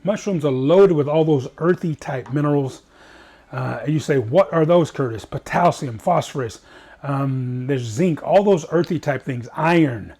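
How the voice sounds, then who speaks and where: Male cooking host, slightly high voice, chatty and upbeat, loose conversational asides. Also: measured pace, darkish tone, husky. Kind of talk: casual cooking demonstration.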